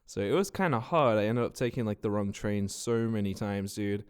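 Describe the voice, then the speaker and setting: Young Australian man, casual vlogger, stuffed-up nose, slightly low voice, loose and profane delivery. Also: moderate pace, smooth. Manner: swears a lot, rambling and animated. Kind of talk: casual storytelling vlog.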